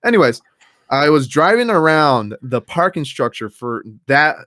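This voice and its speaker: Young male podcast co-host, animated pitch, bright voice, dry close mic. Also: unhurried, no echo. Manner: rambling storyteller, acts out loud quoted shouts. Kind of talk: casual chat.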